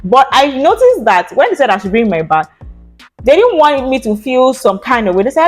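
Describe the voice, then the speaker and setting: A young woman with a Nigerian accent, telling a personal story in a chatty, animated vlog. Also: high-pitched, normal speed, soft background music. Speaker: vlogger.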